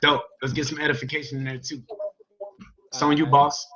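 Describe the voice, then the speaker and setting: A man hosting a group call, upbeat and full of shout-outs. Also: on the high side, little pitch movement, a little fast. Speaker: call host. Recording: dull lo-fi call audio.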